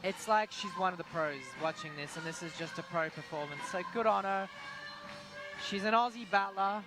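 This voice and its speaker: Playful high-voiced man with music behind. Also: normal speed. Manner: playful, mock Aussie slang. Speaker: co-host of an online companion show. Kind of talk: joking casual banter.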